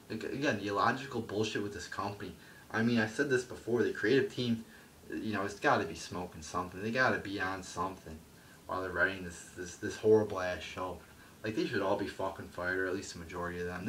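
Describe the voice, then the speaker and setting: A man's voice: low-pitched, a bit bright, distant mic, a little hiss or hum. A man reviewing a wrestling show in a blunt, profane and dismissive rant, often trailing off and restarting.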